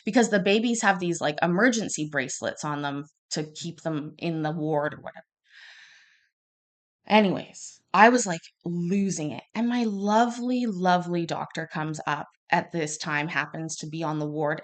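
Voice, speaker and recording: A woman in her thirties telling a personal story in a casual, rambling way, restarting often and acting out quoted lines loudly. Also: on the low side, normal speed. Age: 30s. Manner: chatty and rambling, with many restarts; acts out quoted lines with sudden bursts of loudness. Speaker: podcast host.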